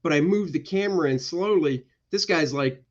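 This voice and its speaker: A man's voice: a little high, normal speed, highs cut off. A male comic book artist giving casual, jokey commentary on his pages during a livestream. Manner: playful, jokey, slips into goofy voices.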